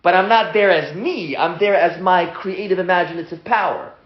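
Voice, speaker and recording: A man teaching a lively class as a rabbi at a whiteboard, excitable and often stopping to restart his sentences. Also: high voice, normal speed, roomy sound, dull audio. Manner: excitable, self-interrupting, stumbles over restarts.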